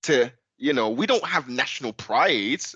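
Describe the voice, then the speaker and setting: A man's voice: mid-range voice, lively intonation, unhurried, pushed and bright, slightly rough, no echo, highs cut off. An English man co-hosting a casual chat, agreeing often and reasoning through his points.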